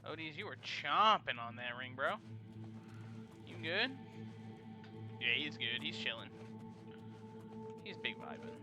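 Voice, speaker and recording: A man's voice: mid-range voice, animated, normal speed, long pauses. Laid-back young man streaming a game. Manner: laid-back, slangy, rambling. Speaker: let's play streamer. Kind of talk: casual gameplay commentary. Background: game music.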